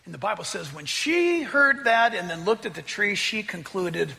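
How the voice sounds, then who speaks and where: A man preaching a sermon in a lively, playful, conversational way. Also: high-pitched, moderate pace, creaky, hardly any pauses, in a large hall.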